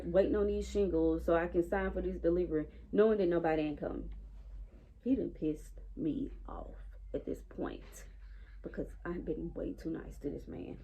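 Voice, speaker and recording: A woman with a low, husky voice tells a long storytime while working out, animated and exasperated as she replays her own side of arguments. The recording is slightly dull and lo-fi. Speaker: vlogger telling a story. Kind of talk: casual storytime chat.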